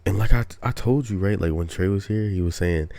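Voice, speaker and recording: Young male co-host, very low gravelly voice, dark tone, loose slangy storyteller. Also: a little fast, dry recording. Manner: slangy, profane storytelling with quoted asides. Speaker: podcast co-host. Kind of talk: casual chat.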